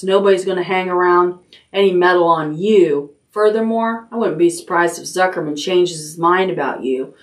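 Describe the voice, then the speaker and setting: A woman voicing a gluttonous male rat with a husky, hoarse voice and slow, gloating delivery. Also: on the low side, natural voice.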